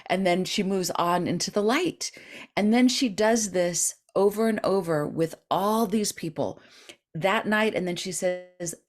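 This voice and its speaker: Middle-aged woman guest, animated storyteller, slips into quoted voices, low-set voice. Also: unhurried. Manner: animated, acts out quoted voices with big pitch jumps. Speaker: guest author and dream expert. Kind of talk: storytelling in a podcast interview.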